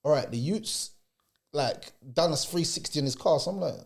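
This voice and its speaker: A man's voice: a little high, normal speed, creaky. A man in a casual podcast conversation, telling a story and acting out the people in it. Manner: animated storytelling, acting out the people in his stories. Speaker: podcast co-speaker.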